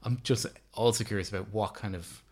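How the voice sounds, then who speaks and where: A man's voice: lowish voice, steady tone, fairly quick, a little mellow. A man in his thirties co-hosting a casual film podcast, rambling and chatty with lots of fillers and restarts. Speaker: podcast co-host. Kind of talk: casual film review chat.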